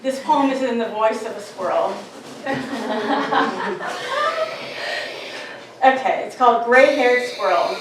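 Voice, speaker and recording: A woman poet reading her work slowly and deliberately at a coffee house, with chatty asides between poems. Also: a little high. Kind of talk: poetry reading. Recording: very echoey, distant, noisy room. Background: coffee house din.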